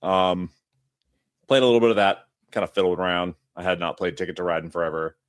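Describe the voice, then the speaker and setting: A man's voice: low-pitched, fast, smooth, no echo, clean studio sound. A man co-hosting a board game podcast in casual chat, playful and rambling as he tells stories. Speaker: podcast co-host.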